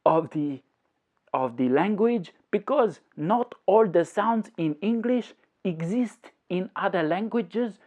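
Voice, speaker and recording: This playful language vlog features a man doing an over-the-top mock-French accent as he mixes in French phrases and lays out his points step by step. He sounds high and expressive, captured with narrow, tinny audio.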